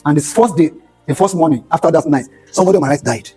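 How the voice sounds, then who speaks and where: A man's voice: on the high side, fast talker, darkish tone, husky, soft background music, low-quality recording. A Nigerian man, a pastor, giving an emphatic motivational talk at a skills bootcamp, repeating his key phrases for weight. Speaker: pastor and speaker. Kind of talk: motivational talk with sermon-like storytelling. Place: event hall at a skills bootcamp.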